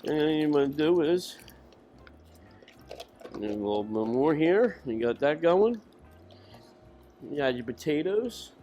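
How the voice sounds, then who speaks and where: A man's voice: on the high side, lively intonation, measured pace, pauses often, mellow, muffled recording, faint music behind. A man giving a casual cooking demonstration in a kitchen, rambling and correcting himself as he goes. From Irish family. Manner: rambling, self-correcting, folksy. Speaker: cook.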